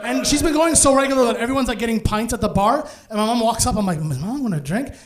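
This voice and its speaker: A man from Canada tells a long comic story on a club stage, animated and quick to laugh through his punchlines. His voice sits high for a man. He speaks into a handheld stage mic. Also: very noisy. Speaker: stand-up comedian. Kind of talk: stand-up storytelling.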